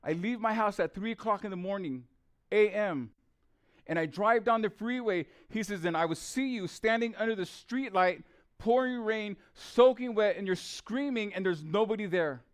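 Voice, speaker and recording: A man delivers a testimony sermon with fervent repetition. His voice sits high and rings smooth and clear. He moves between hushed storytelling and loud pleading. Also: normal speed. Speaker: preacher.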